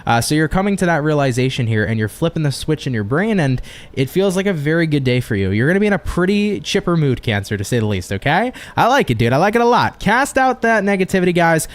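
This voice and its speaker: Lively, upbeat male tarot reader. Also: fairly high pitch, quick pace, dry recording. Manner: chatty and upbeat, with casual slang and swearing. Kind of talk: casual live-stream tarot reading.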